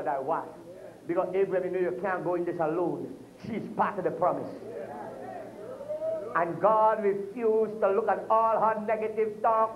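Male preacher, high-pitched and fervent, full of amens; echoey, phone-thin church recording. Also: muffled recording. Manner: fervent, punctuated with frequent amens. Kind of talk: sermon.

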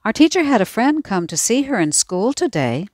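Woman voicing a little boy, cheeky, boastful, high, lively, dry close sound. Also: normal speed, no room sound. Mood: scornful. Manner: bratty, excited, taunting. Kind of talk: audiobook character voice.

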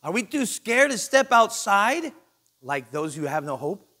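A male pastor delivers an animated, joking sermon in a church and acts out the people he quotes. His voice sits a little high for a man and swings widely in pitch. The tone has a slightly husky edge. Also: measured pace.

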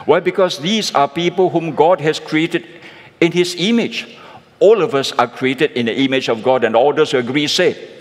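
A man preaching a sermon as pastor, calling his listeners friends and closing points with tag questions. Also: medium pitch. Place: church sanctuary. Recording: long reverb of a large church hall.

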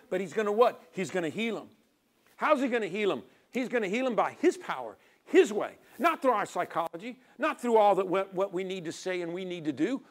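A middle-aged male pastor preaches a sermon in a fairly high voice, swinging from loud urging to quiet, almost whispered lines. Along the way he acts out small dialogues between God and people.

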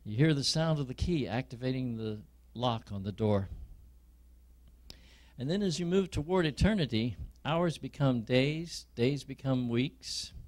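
A male preacher delivering a sermon as a dramatic, vivid story told to his listeners. He speaks very slowly, with long, weighty pauses. His voice sits at a medium pitch for a man. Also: a little mellow.

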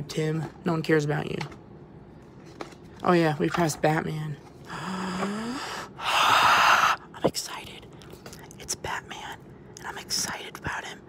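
A young vlogger gives casual walkthrough commentary, rambling and tripping over restarts. They often sink into a whisper. The voice has a rough, gravelly fry, and faint noise sits underneath. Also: mid-range voice, darkish tone. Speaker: vlogger touring an exhibit.

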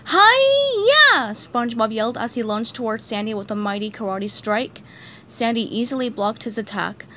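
A young woman reading a children's storybook aloud in an expressive, animated way. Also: mid-range voice, a little fast, a little hiss or hum. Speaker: story reader.

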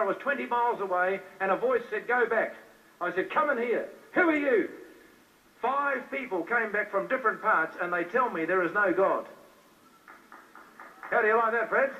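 A man's voice: high-pitched, pushed and bright. A man preaching an evangelistic sermon to a hall, repeating himself and firing questions at the crowd. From New Zealand. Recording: distant, dull old live recording.

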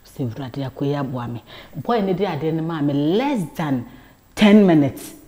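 A woman guest on a talk show, telling a personal story in an animated way and dropping to a hush at times. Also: sits low, moderate pace, a little hiss or hum. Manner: animated storyteller, drops to a hush for quoted lines.

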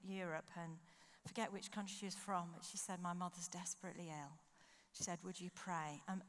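A woman speaker at a conference, preaching through an animated personal story and acting out her own thoughts. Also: mid-range voice. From United Kingdom. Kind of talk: sermon with storytelling. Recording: long hall reverb.

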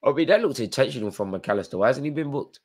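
A man's voice: medium pitch, lively intonation, fast, husky. Tired man doing a football watchalong. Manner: chatty running play-by-play with fan reactions. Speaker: watchalong host. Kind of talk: live football watchalong commentary.

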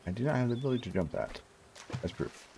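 A man's voice: medium pitch, sing-song, fast, creaky, over music. A man giving wry, casual commentary while playing through a video game. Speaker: game streamer. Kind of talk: casual let's-play commentary.

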